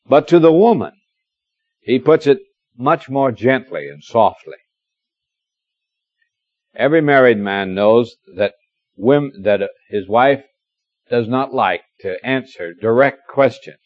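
A middle-aged man preaches through a scripture passage, lingering on key words and slipping in wry asides. His voice has a medium pitch. The recording is dull and dry, like an old cassette. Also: expressive, no room sound. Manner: warm storytelling, gently humorous, reads scripture slowly. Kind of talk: expository sermon.

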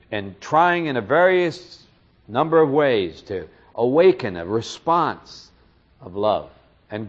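A man's voice: medium pitch, dull audio. A man preaching an expository sermon as pastor, impassioned and swelling to cries in pleading passages.

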